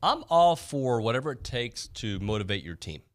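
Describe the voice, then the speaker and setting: A man co-hosting a sports radio show, chatting casually and with strong opinions. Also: normal speed. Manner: animated, opinionated, voices quotes in a high put-on tone.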